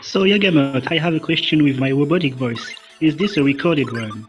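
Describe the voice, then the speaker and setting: A man's voice: on the high side, a little fast, faint music behind. A male co-commentator chatting in a friendly, joking way over a distorted, robotic-sounding mic. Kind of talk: live speedrun commentary. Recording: dull lo-fi robotic online voice line.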